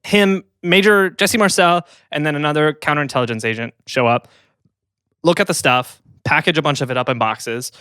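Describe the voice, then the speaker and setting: A man's voice: on the high side, normal speed, sharp tone, clean tone, dry recording, studio quality. A man co-hosting a podcast, telling a story in casual chat with fillers and restarts, out of breath. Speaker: podcast co-host.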